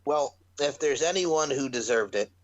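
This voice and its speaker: A man hosting a wrestling podcast in animated, profane, casual chat, laughing often as he talks. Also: medium pitch, moderate pace, lo-fi sound. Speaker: podcast host.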